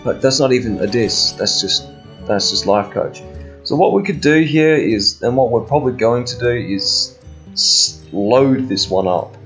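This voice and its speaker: A man's voice: medium pitch, unhurried, a bit bright, soft background music. A man giving casual, sarcastic and profane commentary over his own gameplay.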